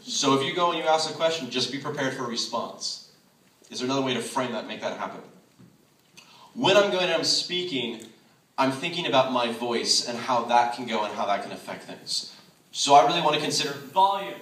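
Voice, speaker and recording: A man's voice: mid-range voice, expressive, a little fast, bright, forceful tone. A man leading a public speaking workshop, explaining point by point and shifting his volume and pace to show his ideas. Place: large hall. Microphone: phone in the audience, speaker on a microphone. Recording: roomy hall recorded from far off with phone.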